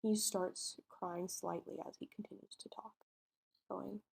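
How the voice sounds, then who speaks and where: A woman's voice: mid-range voice, flat delivery, a little slow, creaky, darkish tone, husky. A woman co-hosting a podcast, casually retelling a true-crime case and acting out its dialogue in informal speech. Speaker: podcast co-host telling a case.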